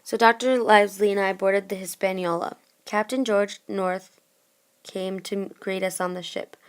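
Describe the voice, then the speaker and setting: A woman's voice: mid-range voice, flat delivery, normal speed. A woman casually retelling a story in first person, in a plain reading manner.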